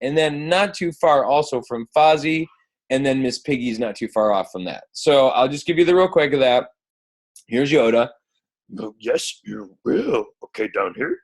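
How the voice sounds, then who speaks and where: A man's voice: mid-range voice, moderate pace. A man hosting a team coaching call, playful and geeky, joking around with many fillers. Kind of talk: casual chat.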